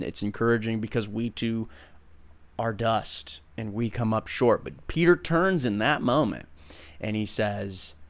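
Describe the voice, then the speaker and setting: A man preaching a sermon and hosting a podcast, earnest and emphatic, swinging between loud bursts and quiet drops. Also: lowish voice.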